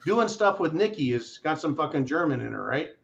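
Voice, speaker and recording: A man hosting a casual livestream chat, joking loudly and swearing freely. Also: fairly high pitch, big pitch swings, fairly quick, gravelly, muffled recording. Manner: profane, joking, boisterous. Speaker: host.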